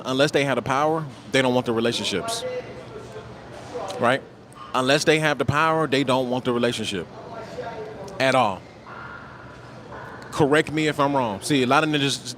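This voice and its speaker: A man's voice: medium pitch, fairly bright tone. A man from the United States hosting a livestream, talking in a casual, slangy, emphatic way and ending nearly every point with "right?". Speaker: livestream host.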